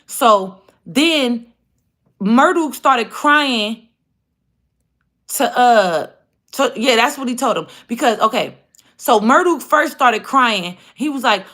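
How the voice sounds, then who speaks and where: A woman hosting a livestream, telling a story in a casual, animated and profane way. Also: fairly high pitch, a little slow. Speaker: livestream host.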